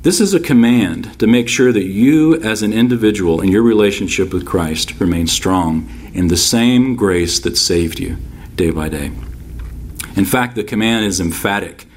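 A man's voice: low voice, moderate pace, darkish tone. A man preaching a sermon as a pastor, stressing key phrases by repeating them and telling folksy personal stories with asides.

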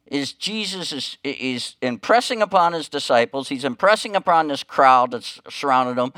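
A man's voice: medium pitch, animated, moderate pace, few pauses, fairly bright tone, no room sound, clean studio sound. A middle-aged man preaching as a guest pastor, in a folksy, chatty way with many asides and restarts. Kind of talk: conversational sermon with humor.

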